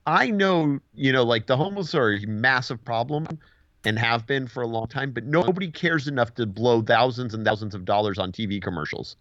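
A man's voice: mid-range voice, a little fast, fairly bright tone, no echo. A man in casual podcast chat, talking in an easy, agreeable, rambling way. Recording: dull, dry lo-fi audio.

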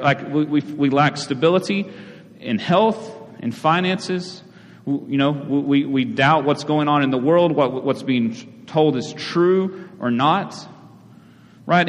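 A male pastor preaching a sermon in a relaxed, conversational way, often asking "right?" and repeating words. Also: fairly high pitch. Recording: long hall reverb.

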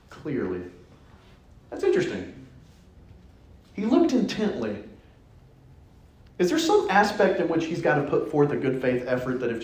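A man delivers a casual, humorous sermon in a church sanctuary, his fairly high voice swinging up and down as he tells the story. He breaks into quick acted-out quotes and asides. The sound carries a roomy church echo. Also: a little mellow. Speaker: preacher. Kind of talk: conversational sermon. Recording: echoey church hall.

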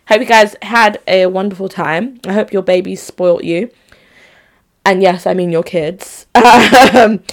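A woman hosting a solo podcast, chatting casually, laughing often and getting fired up in her opinions. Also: mid-range voice. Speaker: podcast host.

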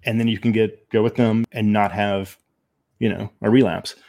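Gravelly low-voiced man, reflective. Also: flat delivery, darkish tone. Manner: reflective and measured, with frequent ums. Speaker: podcast guest. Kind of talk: candid personal storytelling.

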